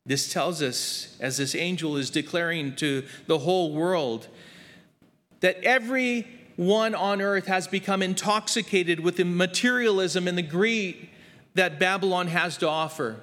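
A man's voice: high-pitched, a little slow, fairly bright tone, big-room sound. A man preaching a verse-by-verse Bible study, earnest and emphatic, with frequent fillers.

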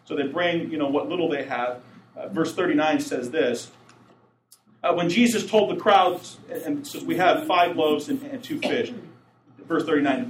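A man preaches in an easygoing, conversational way, jumping into lively voices for the people in his story and checking in with his listeners. His voice sits a little high for a man. The sound is roomy and slightly distant from the mic, with a faint hum of ambience behind him. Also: moderate pace. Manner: animated, acts out voices of Jesus and the apostles; casual, chatty, asks the audience questions. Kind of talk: sermon.

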